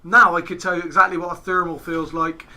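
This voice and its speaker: Bright-voiced chatty English podcast host. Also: male voice, high voice, little pitch movement, fast. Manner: chatty storyteller, acts out quoted friends. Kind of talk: casual interview chat.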